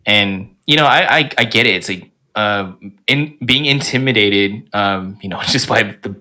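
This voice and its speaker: Young male guest, low but bright-toned voice, energetic and chatty. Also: a little slow. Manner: energetic, animated storytelling full of fillers. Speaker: podcast guest. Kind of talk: casual chat.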